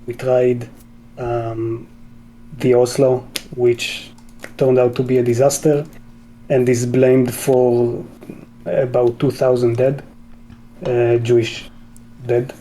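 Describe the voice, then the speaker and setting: A man from Israel with an Israeli accent, calling in to a debate stream and speaking haltingly with many fillers. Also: medium pitch, little pitch movement, warm tone, low-quality recording. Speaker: caller. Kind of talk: call-in debate.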